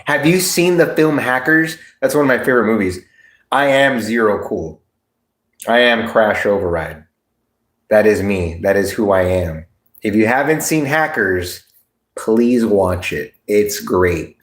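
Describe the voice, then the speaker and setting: A man hosting a casual livestream, rambling and excitable, swearing freely. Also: on the low side, a little slow, reverberant. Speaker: livestream host.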